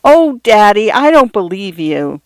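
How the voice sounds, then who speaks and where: A reader voicing excited little daughters in an audiobook, eager and squealing. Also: mid-range voice, unhurried, dry recording, pitched above the performer's own voice. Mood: delighted. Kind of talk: audiobook character voice.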